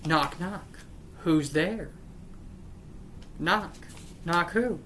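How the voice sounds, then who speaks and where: Speaking extremely slowly in a voice on the low side with a fairly bright tone, a woman hosts her channel by reading jokes in a row. She's unimpressed and stops to grumble that they aren't funny. A little hiss or hum is audible.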